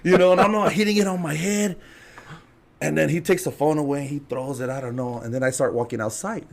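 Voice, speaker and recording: A man telling a story as a podcast guest, casual and animated, laughing and acting out other people's lines. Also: a little high, a little fast, gravelly. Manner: animated, laughing, acts out quotes.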